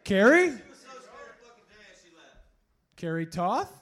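High, bright-voiced man emceeing a slam. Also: sing-song, very slow. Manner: loose, profane, calls out scores. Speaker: poetry slam host. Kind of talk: emceeing a live poetry slam.

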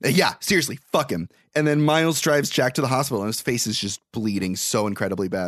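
A man's voice: mid-range voice, animated, no room sound, studio quality. A young man co-hosting a podcast, recapping a film in casual, exasperated, profanity-laced storytelling. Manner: profane, exasperated storytelling with quick quoted asides. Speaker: podcast co-host.

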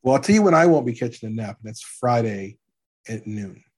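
A man's voice: mid-range voice, lively intonation, fairly quick, a little mellow, breathy edge. A man co-hosting a sports podcast, chatting casually and eagerly, often stumbling over restarts. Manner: enthusiastic, stammering restarts. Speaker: podcast co-host, coach.

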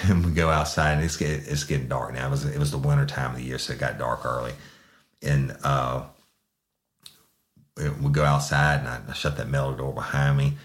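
A man with an extremely deep, low voice recounts a police story. He talks bluntly and matter-of-factly, with plenty of cursing. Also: flat delivery, normal speed, reverberant. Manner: blunt, profane, matter-of-fact. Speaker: police sergeant. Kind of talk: casual storytelling.

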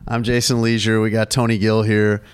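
A man in his thirties hosts a laid-back sports podcast, his voice sitting on the lower side. He talks in loose, rambling asides and breaks into laughter often. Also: flat delivery, fairly quick, clear, resonant tone. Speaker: podcast co-host. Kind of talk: casual sports podcast chat.

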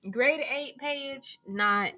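A woman's voice: sits high, very slow, pushed and bright. A young adult woman co-hosting a podcast, recapping an episode in casual chat with a sarcastic, giggly manner. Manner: sarcastic, giggly, talks over her co-host. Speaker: podcast co-host.

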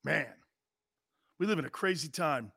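High, bright-voiced ranting sports host man. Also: lively intonation, normal speed, vocal fry, slightly rough, dry recording, clean studio sound. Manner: blunt, profane, repetitive and heated. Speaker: sports talk show host. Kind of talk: opinionated live sports talk rant.

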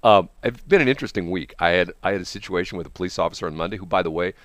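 A man hosting a radio show, telling a story in a casual, animated way, laughing often and acting out what other people said. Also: low-pitched, very fast, no echo.

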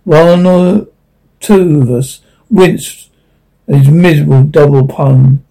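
A man's voice: on the high side, takes it slowly, gravelly, dark tone, poor audio. A man reading a science fiction story aloud, stumbling and correcting himself as he goes. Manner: unpolished reading with frequent stumbles and self-corrections. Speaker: narrator. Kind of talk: audiobook reading.

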